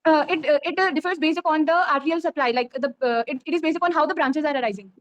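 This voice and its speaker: High hesitant young Indian woman. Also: fast talker, no echo, muffled recording. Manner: hesitant, many fillers, apologetic. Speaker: quiz contestant, medical student. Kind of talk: oral exam answers.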